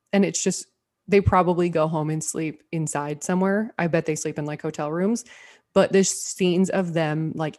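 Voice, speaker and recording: Woman, podcast co-host, casual rambling chat, lots of fillers, lowish voice. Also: darkish tone. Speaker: podcast co-host reviewing TV shows.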